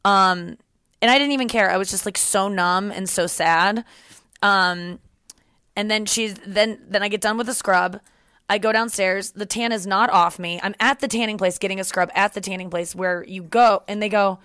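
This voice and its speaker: A woman in her thirties hosts a podcast and tells a long personal story, jumping up high whenever she acts out what someone said. Her voice sits at an ordinary middle pitch. It is recorded close and dry, with no room sound. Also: normal speed, clear, resonant tone, dry recording. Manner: animated, acts out quoted voices. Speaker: podcast host. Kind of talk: casual storytelling.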